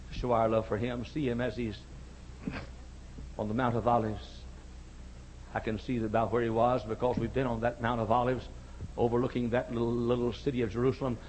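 A man preaching a sermon as pastor, swinging from hushed, quiet passages to drawn-out shouted cries. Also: medium pitch, slightly rough, lo-fi sound.

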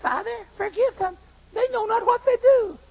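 A man voicing a sneering mocker at the cross, repeating the dying man's words back in a high, jeering, drawn-out voice. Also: vocal fry, dull audio. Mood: mocking.

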